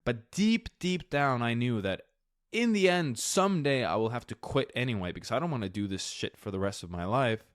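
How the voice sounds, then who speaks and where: A man's voice: medium pitch, expressive, moderate pace, clear, resonant tone, no room sound, studio quality. A man hosting a solo podcast, talking candidly and reflectively in a casual way that includes some swearing. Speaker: podcast host.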